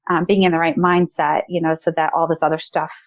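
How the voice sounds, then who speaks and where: A woman's voice: low-pitched, fast, no room sound. A woman guest on a podcast, telling a personal story in casual chat, laughing often and acting out what people said. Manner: animated, laughs often, acts out quotes.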